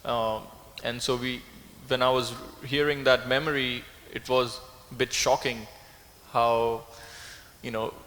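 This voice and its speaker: A man's voice: medium pitch, little pitch movement, measured pace, fairly bright tone, long reverb tail, a little hiss or hum. A man speaking at a scripture class, thoughtful and searching for his words as he reasons through a point. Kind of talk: reflective class talk. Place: temple hall.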